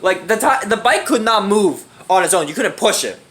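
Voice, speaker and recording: A man's voice: high-pitched, expressive, normal speed, sharp tone. A young man telling a funny story in a casual, slangy, profane way, often laughing. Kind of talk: casual anecdote.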